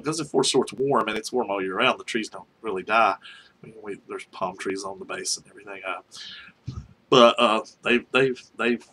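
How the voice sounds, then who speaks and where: A man's voice: on the low side, bright, forceful tone, a little hiss or hum. A middle-aged man from North Carolina telling rambling field stories in a casual spoken memoir, with many restarts and chuckles.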